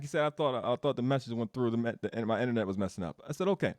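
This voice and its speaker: A man giving a casual developer update, telling a story in an animated, ranting way, laughing often and swearing. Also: medium pitch, racing, no room sound, studio quality.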